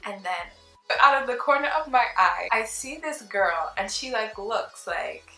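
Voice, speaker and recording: Young woman, vlogger, storytime, chatty, animated, bright voice, roomy sound. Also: medium pitch, unhurried, vocal fry. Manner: chatty and animated, acts out the people she quotes. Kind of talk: casual storytime. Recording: roomy with faint background music.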